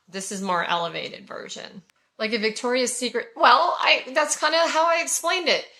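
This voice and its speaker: A woman in her forties from California chats casually to her viewers, gushing as she reviews scented products. Her voice is bright and forward at a middle pitch. She talks in an effusive, conversational way. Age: 40s. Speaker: haul vlogger.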